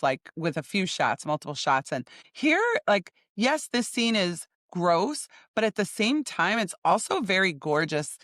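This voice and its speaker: Chatty solo podcaster, mid-pitched, dry close sound, loose enthusiastic recap delivery. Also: a bit bright, dry recording. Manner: chatty, loose, with frequent "like" and "kinda". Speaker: podcast host. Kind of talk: casual solo recap of a TV finale.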